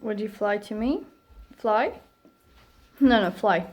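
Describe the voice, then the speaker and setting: A woman's voice: mid-range voice, takes it slowly. A woman talking to her pet parrot in playful baby talk, coaxing it with short, repeated cues in a sing-song way, at home.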